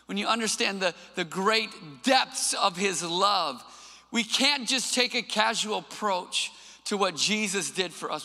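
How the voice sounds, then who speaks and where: A man giving a sermon as pastor in a church, earnest and emphatic, in a long hall reverb with soft music behind. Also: high voice.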